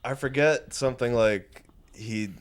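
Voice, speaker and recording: Chill young dude hosting a podcast, normal pitch, laughs a lot, easygoing. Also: male voice, unhurried, smooth. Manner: relaxed, laughs easily, chimes in with short remarks. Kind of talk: casual chat.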